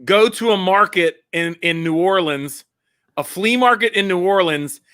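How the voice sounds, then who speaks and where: A man chatting as a guest on a live comedy stream, telling stories excitedly and laughing often. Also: sits high, a little slow, clear, resonant tone, no room sound, studio quality. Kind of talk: casual chat.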